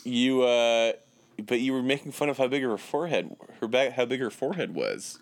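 A man co-hosting a casual comedy podcast, speaking in a laid-back, dry way with hesitant pauses. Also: mid-range voice, animated. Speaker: podcast co-host.

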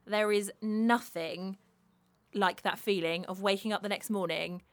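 A woman's voice: medium pitch, fairly even intonation, smooth. Teasing woman in her thirties. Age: 30s. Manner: teasing, quick with questions. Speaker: podcast co-host. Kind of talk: casual chat.

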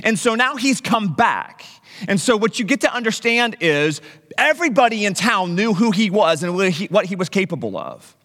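A middle-aged man preaching a sermon as pastor, conversational and animated, with humorous asides to the congregation. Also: high voice, normal speed, long reverb tail.

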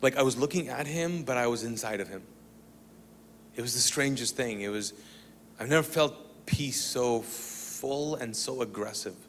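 A man telling a personal testimony to an audience, animated and comic as he acts out the dialogue. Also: mid-range voice, moderate pace, in a large hall, a little hiss or hum. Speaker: speaker sharing a testimony.

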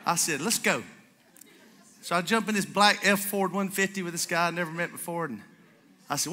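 A man preaching a sermon, acting out the voices in his stories with lively energy. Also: high voice, brisk, slight background noise. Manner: animated storyteller acting out dialogue. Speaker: pastor. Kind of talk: sermon with storytelling. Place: church sanctuary with congregation. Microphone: stage microphone. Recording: reverberant church hall.

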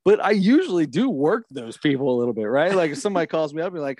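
A man's voice: a little high, rapid-fire, no echo. Guy in his 30s telling a funny story to a friend, acts out the voices, dry close mic. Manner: animated storyteller, quotes others in lively acted voices. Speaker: podcast co-host. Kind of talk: casual storytelling chat.

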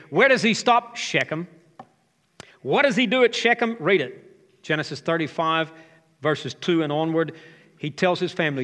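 A man's voice: fairly high pitch, expressive, normal speed, sharp tone. A man in his fifties, a pastor, preaching a sermon and joking with the congregation. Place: church hall. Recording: live hall reverb.

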